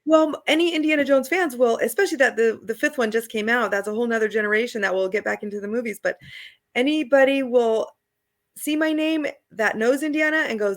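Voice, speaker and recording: Middle-aged lady guest, kinda high voice, chatty storyteller, laughs a lot, does little voices for people. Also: fast talker. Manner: chatty, laughs often, acts out quoted people. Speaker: author and traveler, guest. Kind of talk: casual interview storytelling.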